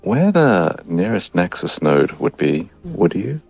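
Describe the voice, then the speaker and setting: A man playing a slow, flirtatious smooth-talking rogue. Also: low-pitched, expressive, soft background music, full character voice. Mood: conspiratorial.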